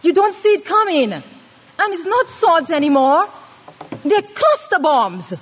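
Dramatic high-voiced woman preaching in a hall. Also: sing-song, takes it slowly, a little hiss or hum. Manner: dramatic, swings between loud and hushed. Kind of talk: sermon with acted-out anecdote. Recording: long reverb of a hall.

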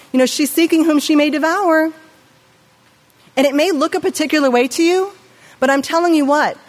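Her high-pitched voice fills a big room as this middle-aged woman delivers a lively sermon. She puts questions to the congregation and performs the voices of the people she quotes.

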